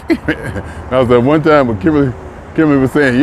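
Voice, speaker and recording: A man's voice: mid-range voice, normal speed, long pauses, a little hiss or hum. Blunt chuckling man in his sixties. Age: 60s. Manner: blunt and frank, chuckling often. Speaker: vlogger. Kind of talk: casual vlog monologue. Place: outdoors, walking.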